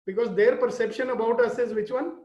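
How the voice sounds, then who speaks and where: A man's voice: extremely high pitch, steady tone, brisk, darkish tone. A man with an Indian accent teaching a leadership class, earnest and often questioning his listeners. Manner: earnest, questioning the audience, storytelling. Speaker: leadership trainer. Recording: roomy, dull lo-fi sound.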